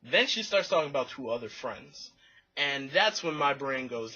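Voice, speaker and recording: A man's voice: mid-range voice, normal speed, slightly rough, lo-fi sound. A young man in his late teens telling a rambling, profane personal story in a casual way and acting out the voices of the people in it. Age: young adult. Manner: rambling, excitable, profane, acts out quoted voices.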